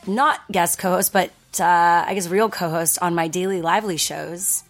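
A woman's voice: lowish voice, moderate pace, soft background music. A woman hosting a podcast in casual, teasing chat with her guests. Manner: chatty, teasing, animated. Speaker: podcast host.

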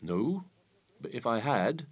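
A man's voice: medium pitch, very animated, slow pace, breathy edge, pitched above the performer's own voice, full character voice. A man voicing a grieving, simple-minded young man who sobs and pleads in rustic dialect. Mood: eager.

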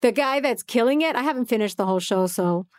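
A woman's voice: on the high side, quick pace, no room sound, studio quality. A woman co-hosting a podcast, chatting casually and telling stories with frequent laughs. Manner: laughs often, animated storytelling. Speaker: podcast co-host. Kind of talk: casual chat.

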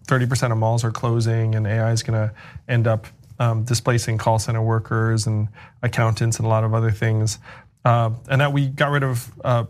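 Chatty man with many fillers. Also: mid-range voice. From United States. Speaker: presidential candidate, guest. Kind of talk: casual interview answers.

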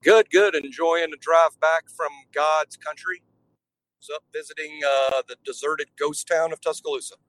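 A man's voice: on the high side, fairly even intonation, moderate pace, fairly bright tone, no room sound, poor audio. A man co-hosting a casual sports podcast, speaking in a wry, laid-back way and often stumbling over repeated words. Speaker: podcast co-host.

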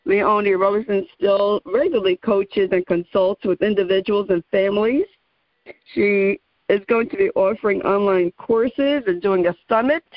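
A chatty woman hosts a radio talk show, her voice sitting at an ordinary middle pitch. The sound is dry and close, but dull and lo-fi like an old radio broadcast. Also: no room sound. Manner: chatty, laughs easily. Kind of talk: radio interview.

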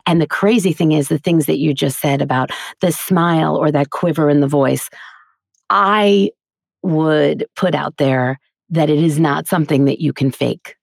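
A woman's voice: low-pitched, normal speed, creaky, no room sound, studio quality. A woman who teaches voiceover acting, talking earnestly and emphatically in a casual podcast interview.

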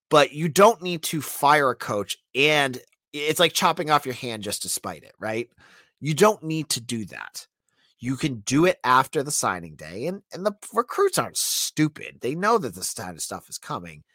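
Male sports podcast host, opinionated and blunt, bright voice, dry close-mic sound. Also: mid-range voice, no echo. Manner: animated, blunt, addresses listeners as folks.

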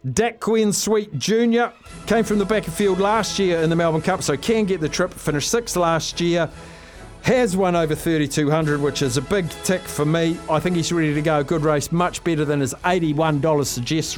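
A man hosting a phone-in radio segment, upbeat and excitable as he rattles off racing form. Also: on the high side, normal speed, soft background music. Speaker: radio host.

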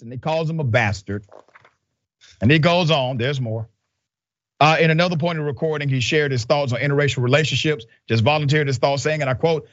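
A male host delivers news commentary with a lively, swinging pitch that sits a little high for a man. He sounds emphatic and sarcastic, and his dry, slightly dull recording has no room sound. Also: moderate pace, no echo. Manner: sarcastic, emphatic, repeats points with "okay?".

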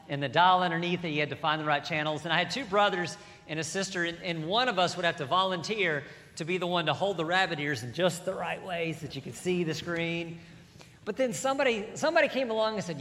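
A man preaching a sermon as pastor, animated, moving between soft asides and emphatic lines. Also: fairly high pitch. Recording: hall reverb.

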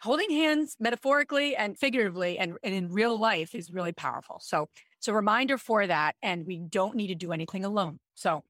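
Woman in her 30s, podcast co-host, animated storyteller, mid-range voice, dry close sound. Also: mid-range voice, fast talker, no echo. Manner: animated, chatty, with frequent "like" and "I'm like". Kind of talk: casual storytelling chat.

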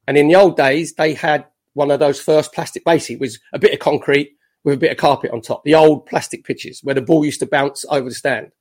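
A man in his fifties, a former footballer, telling lively anecdotes as a podcast guest with self-mocking jokes. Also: fairly high pitch, fairly quick.

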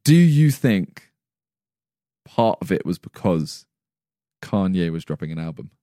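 Relaxed man, low voice. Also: measured pace, dry recording, studio quality. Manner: relaxed, laughs often, hedging opinions. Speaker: podcast co-host. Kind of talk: casual chat.

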